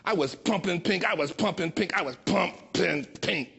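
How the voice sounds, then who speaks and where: A man in his sixties from Chicago, telling a personal story with a playful, expressive delivery that slows down for emphasis. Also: high voice, gravelly, husky. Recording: dull lo-fi recording.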